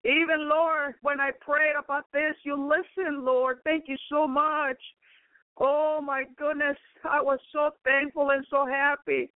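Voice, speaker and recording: A woman gives a fervent sermon-style testimony at a slow, unhurried pace. Her voice sits high but stays fairly flat in melody. The sound is narrow and tinny like a phone line. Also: dry recording. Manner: fervent, peppered with praise exclamations. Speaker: preacher. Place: home in Chicago.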